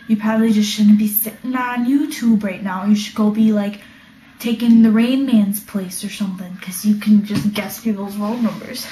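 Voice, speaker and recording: Recorded on a built-in camera mic, this at-home vlog features a teenage girl sprawled on the floor, chatting to the camera with bubbly, rambling humor. She has a warm, fairly high voice, and the audio is roomy with slight background noise.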